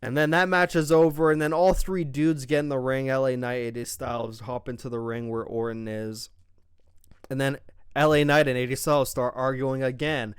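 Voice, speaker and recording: A young man giving a casual, profane, excited recap of a wrestling show as its reviewer. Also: medium pitch, moderate pace, clean tone, no echo, studio quality.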